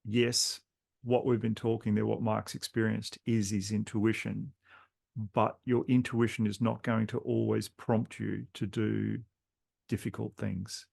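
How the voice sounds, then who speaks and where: A male podcast host shares a reflective aside, speaking straight to his audience. His voice is low and gravelly with plenty of fry. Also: flat delivery, a little slow, darkish tone. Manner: reflective, speaks directly to listeners. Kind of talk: conversational podcast interview.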